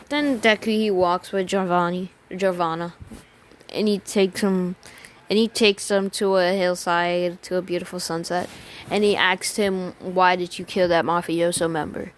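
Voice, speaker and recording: A woman's voice: mid-range voice, steady tone, moderate pace, slight background noise. A woman improvises a fan story aloud in a loose, rambling way. She keeps restarting sentences and mixing up character names, and she drops casual swear words as she goes. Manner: rambling, many restarts and name slips.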